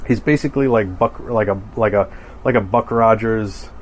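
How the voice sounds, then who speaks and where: A man's voice: on the low side, normal speed, slight background noise. A man who is a cartoonist, talking in a casual podcast monologue, rambling and joking with many restarts.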